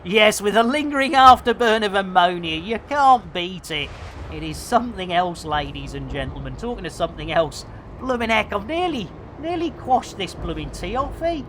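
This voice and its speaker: A man's voice: high-pitched, lively intonation, normal speed, noisy background. A man giving playful, theatrical commentary on a live game stream. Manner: jokey, theatrical, lots of pet phrases.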